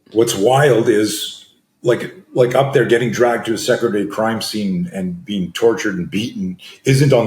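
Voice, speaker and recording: A fairly low-voiced middle-aged man talks through his ideas as a coach, circling back with fillers and restarts. The room around him rings with noticeable echo. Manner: animated storytelling with many fillers and restarts. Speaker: self-defense and fear management coach. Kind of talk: conversational interview answers. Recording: echoey room.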